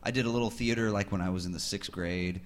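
A man's voice: on the low side, fairly even intonation, quick pace. A man being interviewed as a guest musician, modest and hesitant, often restarting his sentences. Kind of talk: casual interview.

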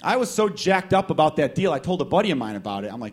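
A man's voice: a little high, fast talker. Profane, riffing stand-up comic man. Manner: profane, riffing, animated delivery. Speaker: stand-up comedian. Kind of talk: stand-up comedy set. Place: live comedy show with small crowd.

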